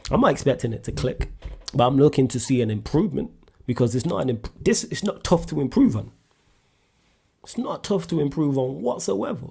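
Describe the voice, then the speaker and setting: A man answers viewers' questions on his sports show in a casual, blunt way. His voice is gravelly and dark, and it climbs sharply in pitch when he makes a point.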